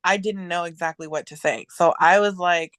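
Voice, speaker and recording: A woman's voice: lowish voice, moderate pace, fairly bright tone, dry recording. A woman as a podcast guest in casual chat, telling a rambling story with many restarts and fillers.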